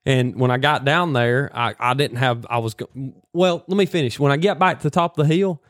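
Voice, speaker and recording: A man telling a hunting story in a casual, animated way, full of folksy slang. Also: medium pitch, fairly quick, no room sound, clean studio sound.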